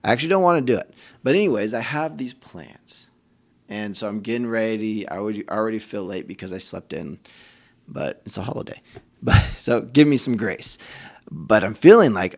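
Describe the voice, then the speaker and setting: Candid low-voiced man hosting a podcast. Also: moderate pace, creaky. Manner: candid, self-deprecating, conversational. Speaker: podcast host. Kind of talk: personal storytelling podcast.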